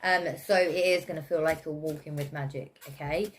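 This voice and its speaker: This tarot reader speaks a little fast in a deep voice with fairly even intonation. She has an English accent, and her reading is relaxed and chatty, sprinkled with fillers and frequent laughter.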